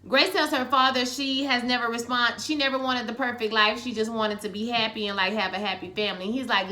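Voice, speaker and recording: A woman giving a casual, animated recap of a TV episode, sassy and talking straight to her viewers. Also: on the high side, a little fast, hardly any pauses. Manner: animated, sassy, addresses viewers as "y'all" and "child". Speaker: TV recap vlogger.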